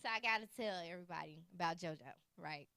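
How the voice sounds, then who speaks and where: A woman hosting a casual talk show, telling a lively story and acting out the exchanges she quotes. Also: on the low side, fast talker, creaky, dry recording, clean studio sound. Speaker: host. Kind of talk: casual chat.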